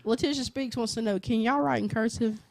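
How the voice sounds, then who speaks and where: A woman's voice: fairly high pitch, brisk, gravelly, slight background noise. A woman reading out listener questions in a casual chat, wry and teasing. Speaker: question reader.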